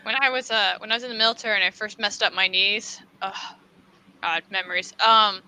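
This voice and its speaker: A woman co-hosting a casual writers' livestream, telling lively stories and laughing easily. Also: medium pitch, brisk, smooth, low-quality recording. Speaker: writing livestream co-host. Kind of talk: casual chat.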